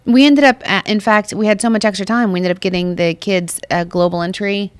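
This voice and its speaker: Woman, New York accent, podcast co-host, animated casual chat, dry sound. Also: mid-range voice, brisk, clear, resonant tone, no room sound. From Long Island, New York. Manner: animated, laughs often, talks over her co-host.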